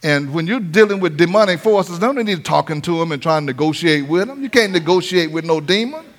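A pastor with a high, bright voice preaches in an animated, brisk way. He hammers his points home with rising sing-song cadences and lines he suddenly shouts.

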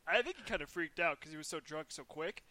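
A man's voice: on the high side, lively intonation, fast talker, bright, forceful tone, no room sound. A man casually telling stories as the older brother, profane and laughing often. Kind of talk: casual chat.

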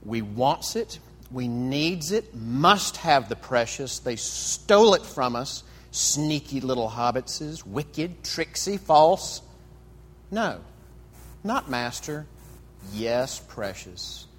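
A man reading aloud the lines of a sinister, obsessive male creature, slow and halting, as he argues with himself. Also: medium pitch, big pitch swings, in a large hall. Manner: slow, halting reading of a split internal dialogue.

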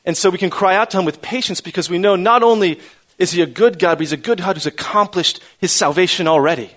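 A man's voice: high voice, quick pace, fairly bright tone. A man preaching a sermon in an earnest style, stressing his points through repetition. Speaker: pastor.

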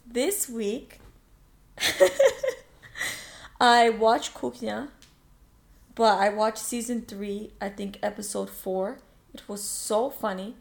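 A woman's voice: medium pitch, steady tone, takes it slowly, vocal fry. A woman co-hosting a podcast as a language learner, chatty and teasing in a casual lesson chat.

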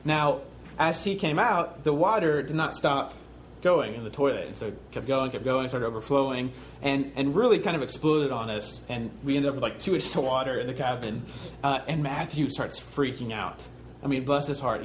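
A young man delivers a sermon like a friendly chat, often stumbling and restarting his sentences. His voice sits a little above the usual male pitch. A faint hiss of noise runs under the recording. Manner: conversational, halting with fillers and restarts. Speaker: camp counselor giving a church talk. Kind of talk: sermon with storytelling.

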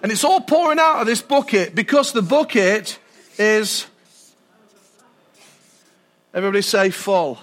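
A male pastor delivers a sermon with animated energy. He keeps asking the congregation questions. His voice sits unusually high for a man. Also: unhurried, long pauses.

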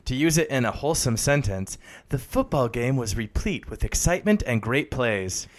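Lively, crude-joking man co-hosting. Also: medium pitch, moderate pace. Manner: crude, teasing, reads segments aloud. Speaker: podcast co-host. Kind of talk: casual comedy podcast chat.

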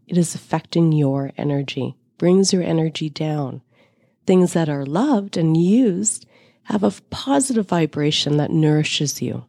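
A woman in her forties hosting a spiritual podcast, her voice raspy while she recovers from an illness, upbeat with slow emphatic phrases. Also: fairly low pitch, dark tone, dry recording, clean studio sound. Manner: upbeat, with emphatic slowed phrases and bursts of laughter. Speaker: podcast host and spiritual teacher. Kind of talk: solo podcast monologue.

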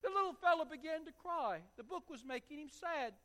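A man preaching a sermon with impassioned delivery that swells to loud, emphatic peaks. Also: very high-pitched, lively intonation, brisk. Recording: long hall reverb.

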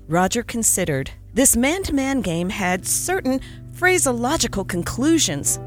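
Lively woman reading a story aloud. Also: fairly high pitch, measured pace, faint music behind. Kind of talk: scripted narration of a classic story.

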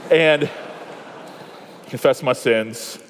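A man from Iowa speaking at a conference, telling a self-mocking story that turns into a sermon, with quick asides and restarts. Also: mid-range voice, big-room sound, a little hiss or hum. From Iowa, USA.

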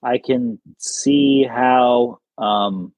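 A man's voice: medium pitch, fairly even intonation, very slow, a little mellow, no echo. A man talking as a podcast guest in casual chat, blunt and matter-of-fact.

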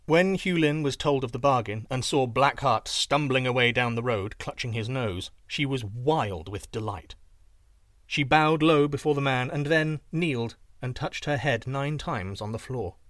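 A man reading a folk tale aloud in a measured, expressive way. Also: medium pitch, no room sound, studio quality. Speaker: storyteller.

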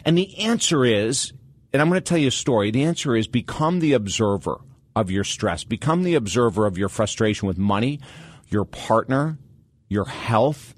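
A man hosting a radio talk show with an energetic, motivational delivery. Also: mid-range voice, normal speed, no room sound, studio quality.

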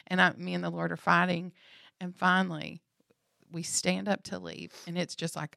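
Gravelly animated woman telling a faith story. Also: fairly low pitch, normal speed, no echo, clean studio sound. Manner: animated storyteller, acts out dialogue, laughs often. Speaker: podcast co-host.

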